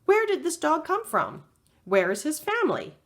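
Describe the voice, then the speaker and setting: Lady reading as a squeaky excited little girl sleuth, calling out loud, bouncy voice. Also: normal speed, exaggerated voice. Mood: eager. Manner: high, excited, often shouting. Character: lively young girl, eager detective.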